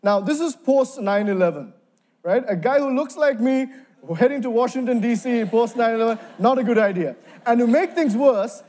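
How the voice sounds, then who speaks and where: A young man from Sri Lanka giving a faith testimony, telling his story with acted-out dialogue and quick laughs. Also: very high voice, darkish tone.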